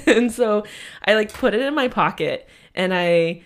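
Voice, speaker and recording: A woman's voice: medium pitch, animated, a little slow. Giggly, rambling young woman storyteller. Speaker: podcast co-host. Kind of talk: casual chat.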